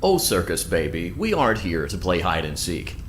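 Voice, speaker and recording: An actor playing a calm, chipper male robotic handheld assistant in a video game, speaking with polite, measured customer-service delivery. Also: deep voice, a little hiss or hum.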